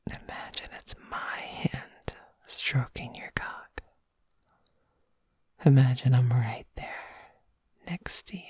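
A woman's voice: extremely low pitch, gravelly, a little mellow, breathy edge, no room sound. A woman in an intimate whispered role-play, speaking in a teasing, commanding way close to the ear. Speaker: audio role-play performer.

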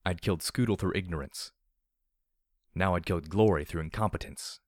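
Deep-voiced man narrating an audiobook. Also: fairly quick, a little mellow, no room sound, studio quality. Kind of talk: first-person story narration.

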